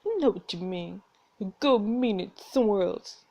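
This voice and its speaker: A hulking, gruff lighthouse keeper with a thick Russian accent growls his warnings slowly, as a woman puts him on. The tone is dark and mellow, and every line sounds heavy and menacing in this game reading. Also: medium pitch, expressive. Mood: threatening.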